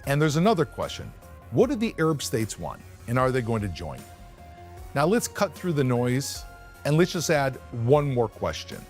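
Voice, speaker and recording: A male news commentator delivering scripted commentary, emphatic and posing rhetorical questions to viewers. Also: fairly high pitch.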